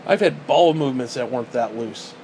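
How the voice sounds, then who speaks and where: A man's voice: medium pitch, fairly quick, a little mellow, slight background noise. A man vlogging a casual rant to the camera, crude, profane and exasperated.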